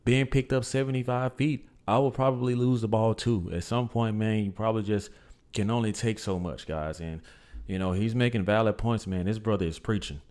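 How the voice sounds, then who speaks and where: A man with a fairly low voice hosts a reaction show. He talks emphatically and opinionatedly, and keeps calling his viewers "guys." He speaks. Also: fairly even intonation, a little fast, darkish tone. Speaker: commentary channel host. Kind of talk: reaction commentary.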